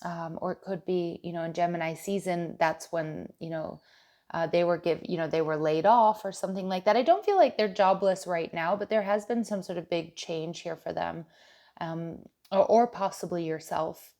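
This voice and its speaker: A woman with a slightly low voice reads tarot cards for her viewers in a loose, chatty way. She often stumbles, repeats herself and restarts sentences as she talks them through. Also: moderate pace. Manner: chatty, stumbling restarts, warm direct address. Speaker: tarot reader. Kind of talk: casual tarot reading to camera.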